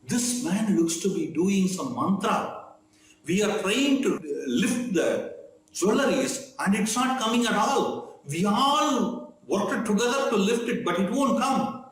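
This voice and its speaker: A man's voice: high voice, expressive, slow pace, voice pushed up. A man voicing an anxious male messenger urgently reporting a problem to his king. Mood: worried. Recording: very echoey room.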